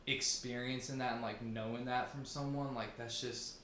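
A man's voice: medium pitch, steady tone, normal speed, fairly bright tone. A young man from Virginia, a podcast guest, chatting casually and loosely with many fillers and frequent laughs. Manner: laid-back, many "like" fillers, laughs often. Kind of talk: casual chat. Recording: echoey room, faint background hum.

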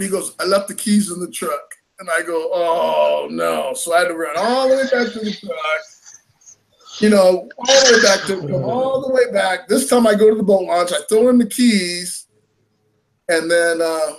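A man casually telling a fishing tournament story, animated and laughing as he acts out what was said. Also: sits high.

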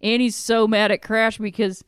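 Chatty woman with a smooth, dry voice. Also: a little high, little pitch movement, moderate pace, no room sound. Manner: chatty, laughs often, swears casually. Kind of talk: casual film discussion.

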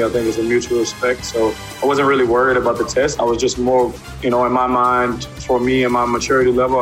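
Man, football player, press clip, very flat voice, fast talk. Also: medium pitch.

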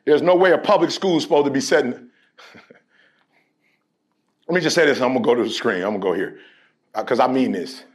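A man giving a preacher-like pep talk to a college sports team. He talks in an emphatic rhythm, acts out conversations when telling stories, and leads call-and-response chants that build to shouts. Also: mid-range voice, fast, pauses often. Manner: storytelling and playful, acting out conversations. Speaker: motivational speaker addressing a college sports team.

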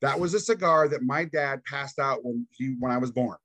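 A man guest on a podcast, telling a personal story in casual, animated talk and acting out what people said. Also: mid-range voice, normal speed, no room sound. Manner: animated, acts out quoted dialogue; casual, says "dude".

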